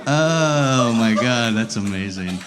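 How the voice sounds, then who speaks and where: A man doing a profane, animated stand-up set with crowd work, recorded live on a handheld mic in a comedy club. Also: medium pitch, slow pace. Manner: profane, animated, laughing through lines.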